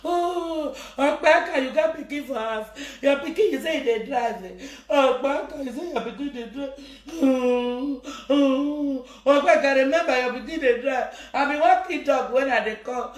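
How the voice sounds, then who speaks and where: A woman's voice: high voice, moderate pace, echoey room. A woman with a Nigerian Pidgin accent, chatting comically on a live stream, teasing, chanting and laughing. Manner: teasing, sing-song, laughing. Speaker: social media host.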